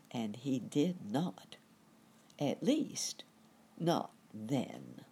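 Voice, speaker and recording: A woman storyteller reading a children's story aloud in a gentle, expressive way. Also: extremely low pitch, very slow, creaky, long pauses, slightly rough.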